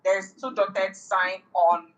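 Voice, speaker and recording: A woman's voice: mid-range voice, level tone, takes it slowly, a bit bright, rough recording. Woman, French tutor, patient, repeats herself, casual lesson. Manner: patient, repeats and rephrases explanations.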